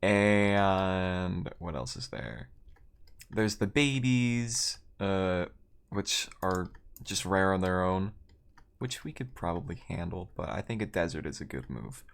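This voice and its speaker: Rambling man streaming a game, slightly low voice. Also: creaky. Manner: rambling, self-deprecating, chatty with viewers. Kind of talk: casual live-stream chat while gaming.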